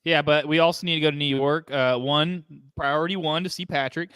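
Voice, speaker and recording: A young man guest co-hosting a loose chat show, cracking jokes and swearing freely. His voice is bright and fairly high for a man. The sound is dry and close. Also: fairly even intonation, brisk, clean tone, no echo. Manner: joking, swears freely, laughs a lot. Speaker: guest co-host. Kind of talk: casual chat.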